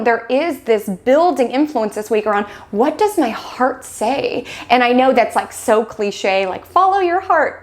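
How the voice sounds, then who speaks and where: A young woman hosting an astrology show, talking in a bubbly, chatty way and acting out dramatic quotes. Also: a little high. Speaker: astrology channel host. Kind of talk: casual chat to camera.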